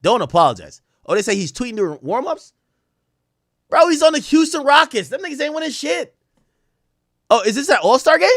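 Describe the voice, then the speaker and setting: Streaming live, a young man trash-talks basketball players, loud, profane and excitable, his voice swinging up and down in pitch and volume. His pace is brisk but broken by long pauses, in casual commentary reacting to chat and posts.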